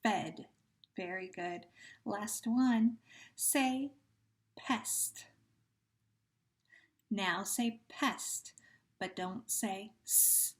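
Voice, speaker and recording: Woman, teacher, unhurried speech, mid pitch, patient sound drills for children. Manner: slow, patient drills with pauses and gentle praise. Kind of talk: phonemic awareness lesson for young children.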